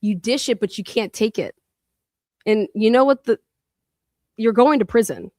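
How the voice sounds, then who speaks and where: A woman's voice: on the high side, normal speed, mellow, no room sound, clean studio sound. A woman co-hosting a commentary show, talking bluntly and with open scorn. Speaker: co-host. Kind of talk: profane commentary.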